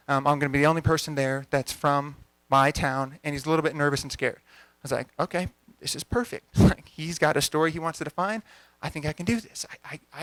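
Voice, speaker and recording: Young male coach, lively storyteller who voices the people in his story; slightly high voice, dry recording. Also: dry recording. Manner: energetic, conversational, acts out dialogue. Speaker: coach giving a talk. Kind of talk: storytelling talk to a live audience. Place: event venue.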